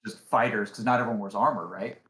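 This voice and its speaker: A man's voice: on the low side, fairly even intonation, fairly bright tone. Man asking questions in an echoey room. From Indiana. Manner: easygoing, short encouraging replies, halting questions. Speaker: podcast co-host. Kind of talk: casual interview chat.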